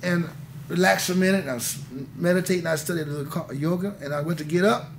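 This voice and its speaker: Gravelly, rambling man on old tape. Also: sits high, steady tone, fast, slight background noise. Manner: rambling, intense, restarts often, says "man". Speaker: interviewee, musician. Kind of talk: candid conversation.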